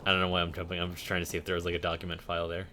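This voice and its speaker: Man, low voice, bright and forceful tone, casual game stream, sarcastic jokes. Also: completely flat delivery, rapid-fire, a little hiss or hum. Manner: joking, sarcastic asides. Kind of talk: casual gameplay commentary.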